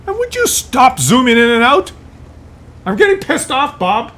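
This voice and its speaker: Exasperated, high-pitched male game commentator. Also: moderate pace, a little hiss or hum. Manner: exasperated, incredulous, animated. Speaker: gameplay commentator. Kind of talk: replay commentary.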